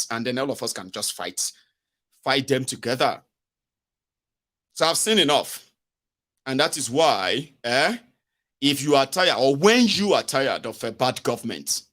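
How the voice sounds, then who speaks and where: A man's voice: medium pitch, fairly bright tone. A man with a Nigerian accent hosting a live commentary stream, talking animatedly and acting out the voices he quotes, with Pidgin asides. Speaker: live show host. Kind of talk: casual political commentary livestream.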